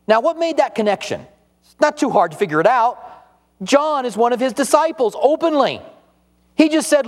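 A man preaching a sermon as pastor, telling a story with lively emphasis and acting out the quoted lines. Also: high voice, fairly quick, in a large hall. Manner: animated storytelling, acts out quoted voices.

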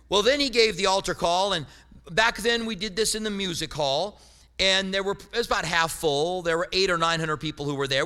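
High-voiced pastor preaching in a reverberant hall. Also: male voice. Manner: animated storytelling with humor. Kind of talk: sermon.

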